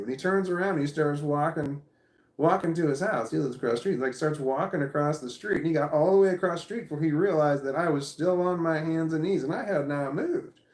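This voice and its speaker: A man's voice: a little high, fairly quick, a little mellow, roomy sound. A man telling a casual story to the camera. He rambles, repeats himself and swears often. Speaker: vlogger.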